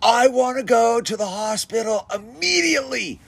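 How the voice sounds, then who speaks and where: A man voicing a crying young boy who shouts and blames him. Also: extremely high pitch, lively intonation, moderate pace, vocal fry, husky, no echo, voice pushed up, heavily acted. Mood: whining shout. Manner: shouting, bawling, blaming.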